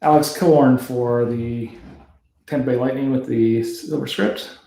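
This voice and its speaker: A man's voice: medium pitch, fairly even intonation, a little slow, creaky, warm tone, echoey room. A Canadian man hosting a card break, casually calling out player names and laughing at the hard-to-pronounce ones. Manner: reads off player names, chuckles at tricky pronunciations. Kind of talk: casual card-opening commentary.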